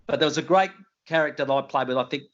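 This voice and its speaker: A man's voice: a little high, rapid-fire, a bit bright, dull audio. An older Australian man, a retired footballer, telling colloquial stories in a casual interview and laughing at his own tales.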